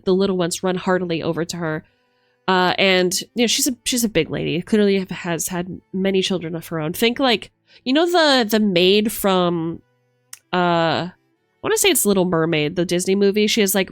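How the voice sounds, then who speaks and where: A woman's voice: on the low side, no room sound, clean studio sound. A woman running a tabletop game, narrating scenes in a chatty, descriptive way with many fillers. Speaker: game master.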